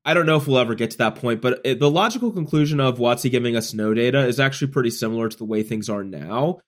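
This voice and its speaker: A man's voice: mid-range voice, fast. A man who is sick, co-hosting a casual gaming podcast and explaining his views at length with many restarts. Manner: thoughtful, long explanations with restarts. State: sick, rough voice. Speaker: podcast co-host, tournament player. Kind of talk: casual chat.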